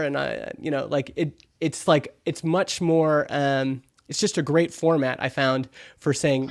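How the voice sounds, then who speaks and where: A fairly high-voiced man hosting a podcast, chatting casually and keeping things upbeat. His voice sits close and dry on the mic, with hardly any room sound. He slips into quick acted-out bits of dialogue as he talks. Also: fairly even intonation, vocal fry, dry recording. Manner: chatty, upbeat, acts out quoted exchanges. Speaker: podcast host.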